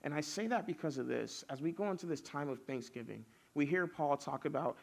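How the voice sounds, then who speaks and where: Speaking a little fast and with few pauses, a youth pastor with a slightly high voice preaches informally to young people. His storytelling is chatty and loaded with fillers.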